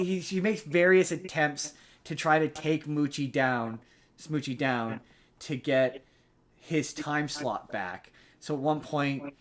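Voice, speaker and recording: A man's voice: mid-range voice, fairly bright tone. A man hosting a podcast, casually recapping a movie plot with a rambling delivery and frequent restarts. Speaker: podcast host.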